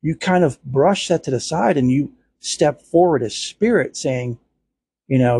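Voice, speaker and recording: A man hosting a spiritual talk show, speaking in a gentle, earnest way with many "you know" fillers. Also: on the high side, expressive, measured pace, slightly rough, no echo. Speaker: podcast host.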